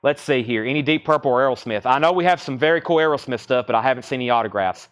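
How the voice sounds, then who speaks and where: A man in his thirties hosting a live-stream record sale, rattling off bids, buyer names and record details in a quick, rambling patter. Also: medium pitch, clean tone.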